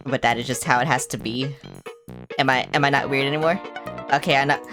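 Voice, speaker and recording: Hyper, low-voiced woman streamer. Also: fairly even intonation, a little fast, over music. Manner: hyper, rambling and playfully profane. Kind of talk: casual gaming livestream chatter.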